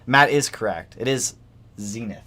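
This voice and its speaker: A young man hosting a casual livestream about cars, animated as he reads donations and reacts to news. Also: medium pitch, a little fast. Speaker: livestream host.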